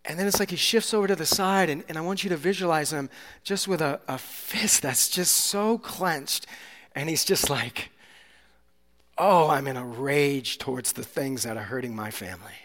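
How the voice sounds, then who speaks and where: A male pastor preaching a sermon with passion, swinging from soft, hushed moments to loud, climactic peaks. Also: on the high side, moderate pace. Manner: impassioned, builds to loud climaxes, drops to soft near-whispers. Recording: long hall reverb.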